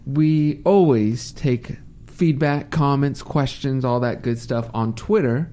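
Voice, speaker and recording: A man hosting a live talk radio show in a studio, relaxed and teasing, laughing easily. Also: mid-range voice, slow pace. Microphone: studio mic.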